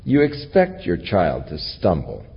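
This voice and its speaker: Slow husky-voiced preacher in a reverberant hall. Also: male voice. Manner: slow, earnest Bible teaching with lively rises in pitch. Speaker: pastor. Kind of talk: sermon. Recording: lo-fi recording with long hall reverb.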